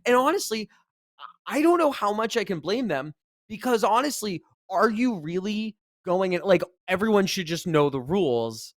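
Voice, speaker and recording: Male podcast co-host, slightly high voice, dry close sound, animated and exasperated storyteller. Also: moderate pace, dry recording. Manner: animated storytelling, swings loud when exasperated, swears freely. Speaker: podcast co-host, esports commentator. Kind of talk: casual podcast chat.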